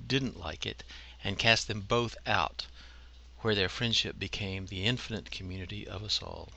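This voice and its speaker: A man reading a short story aloud in a slow, wry storytelling manner. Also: fairly low pitch, creaky, bright, forceful tone. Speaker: story contributor.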